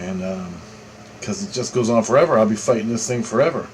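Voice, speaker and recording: A man's voice: on the low side, a little fast, a little mellow, slight background noise, rough recording. Rambling man telling a story. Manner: rambling, repetitive, profane. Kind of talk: casual first-person storytelling.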